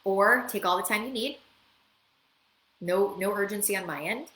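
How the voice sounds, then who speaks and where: Bright-voiced chatty woman coach. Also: mid-range voice, normal speed. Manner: chatty, lively, acts out client dialogue. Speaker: business coach and show host. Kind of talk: live coaching Q&A. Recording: echoey room with faint ambient noise.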